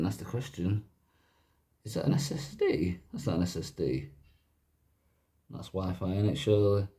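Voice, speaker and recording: A man's voice: low voice, darkish tone, a little hiss or hum. A man casually talking through a gadget teardown in a chatty, rambling way, often correcting himself. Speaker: YouTuber doing a gadget teardown.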